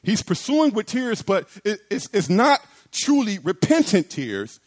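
Guy preaching a sermon, high voice that swings all over, keeps repeating himself and asking questions. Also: wildly swooping pitch, unhurried. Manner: rhetorical, repeats phrases, acts out quoted pleas.

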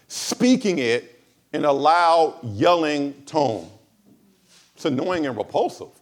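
A man preaching a sermon to his congregation, emphatic, moving between loud stressed phrases and low, quiet asides. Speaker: pastor.

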